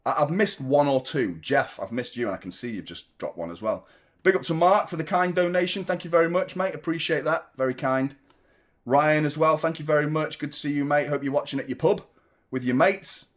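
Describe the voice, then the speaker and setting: A man's voice: a little high, fairly quick, fairly bright tone. A man casually chatting as host of a live football fan stream, self-mocking and reading out viewer messages. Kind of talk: casual live watchalong chat.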